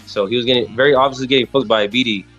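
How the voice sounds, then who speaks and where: A man's voice: mid-range voice, steady tone, racing, a bit bright, dull audio, soft background music. A man from Texas telling a story in casual, slangy podcast chat, rambling with frequent restarts.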